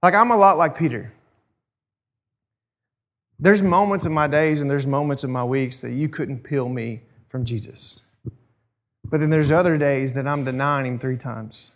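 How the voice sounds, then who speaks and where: A man's voice: medium pitch, unhurried, long pauses. A man preaching a sermon in a casual, storytelling way. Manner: conversational storytelling, animated. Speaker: pastor.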